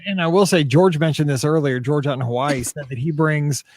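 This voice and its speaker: A man's voice: on the high side, a little fast, a little mellow, no room sound, studio quality. A middle-aged man co-hosting a podcast, chatting casually in a rambling, self-deprecating way. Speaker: podcast co-host. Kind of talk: casual chat.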